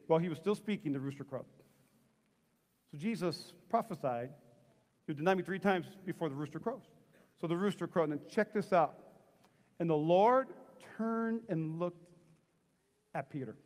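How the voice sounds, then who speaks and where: A man's voice: high voice, lively intonation, fairly quick, in a large hall. A middle-aged man preaching a sermon as pastor, acting out the voices of people in the story. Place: church sanctuary.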